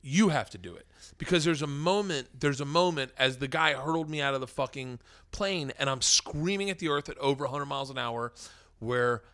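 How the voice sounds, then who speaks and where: A man telling an animated story as a podcast guest, excitable and profane, often laughing and shouting. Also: mid-range voice, a little fast. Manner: fathers children.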